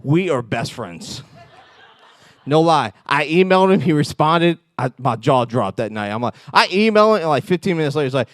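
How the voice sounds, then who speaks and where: A man giving a conversational sermon as pastor, telling stories with self-mocking humor and quick laughs. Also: on the high side, lively intonation, fairly bright tone, dry recording.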